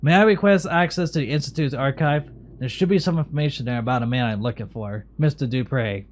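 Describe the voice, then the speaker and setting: A man's voice: mid-range voice, a little fast, slight background noise, lightly acted. A man reading the lines of a formal, courteous male psychiatrist in a game. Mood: polite. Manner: reads dialogue aloud in a courteous, formal tone.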